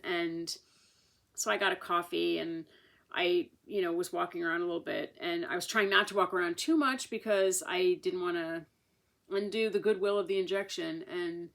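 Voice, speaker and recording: A woman's voice: on the low side, fairly even intonation, moderate pace, creaky, a bit bright. A woman, casually telling a long personal story to camera in a chatty, rambling way. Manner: chatty, rambling with many restarts and fillers. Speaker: vlogger sharing a patient's experience.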